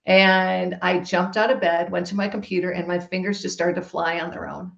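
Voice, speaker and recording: A woman guest telling a personal story in a podcast conversation, emphatic and lively. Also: lowish voice, moderate pace, creaky. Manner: animated, emphatic storytelling with laughs. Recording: roomy, dull-sounding recording.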